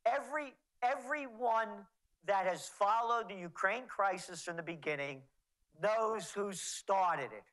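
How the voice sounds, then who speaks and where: A man's voice: high-pitched, animated, unhurried, a bit bright, low-quality recording. A man speaking as a guest on a talk radio show, sarcastic and indignant, mocking the people he names. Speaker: guest commentator.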